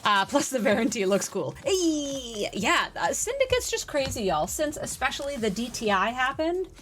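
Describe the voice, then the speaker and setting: A woman game streamer chatting casually on a live stream, reading and answering chat with excitable energy. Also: on the high side, moderate pace, a little hiss or hum.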